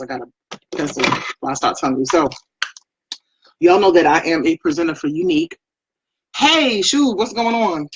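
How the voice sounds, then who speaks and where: A talkative woman hosts a casual makeup live stream, rambling from one topic to the next and calling out viewers by name. Her voice has a husky grain. The sound is close and dry, with no room around it. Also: sits low, dry recording, muffled recording. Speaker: makeup vlogger and beauty product presenter.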